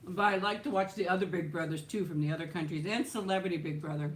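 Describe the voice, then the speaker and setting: Talking quickly in a voice on the low side, a woman hosts a laid-back livestream, answering comments from viewers. She laughs a lot and often ends her thoughts with a trailing "so".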